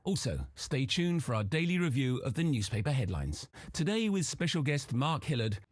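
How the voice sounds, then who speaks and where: An actor playing a calm male radio news anchor in a video game, reading the news in a smooth, measured broadcast style. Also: medium pitch, no echo, studio quality. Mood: steady.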